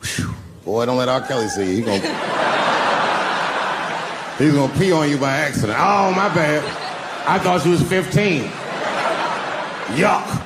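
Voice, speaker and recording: Gravelly-voiced profane stand-up comedian. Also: male voice, on the high side, lively intonation, slow, pauses often, very noisy. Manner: profane, loose conversational delivery. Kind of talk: live stand-up storytelling.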